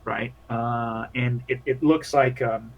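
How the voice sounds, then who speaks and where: A man's voice: mid-range voice, fairly even intonation, muffled recording. A man narrating a tabletop role-playing game as game master, rambling and restarting often. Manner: rambling, halting, many restarts.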